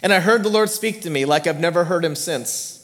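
A middle-aged man, a pastor, preaching a sermon earnestly, his voice climbing in emphatic peaks and then dropping to slow, hushed lines. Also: on the high side. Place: church sanctuary.

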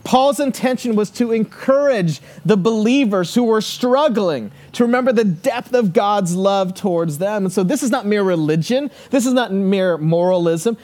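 Man preaching, high voice, earnest sermon, storytelling, drops low on key words. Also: normal speed, few pauses, darkish tone. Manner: storytelling with acted-out quotes. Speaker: pastor.

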